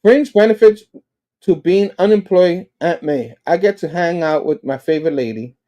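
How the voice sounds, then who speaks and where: A man reading out the lines of a jittery, wisecracking young male hero, a bit higher and quicker than his normal talk. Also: warm tone, dull audio, lightly acted. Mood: upbeat.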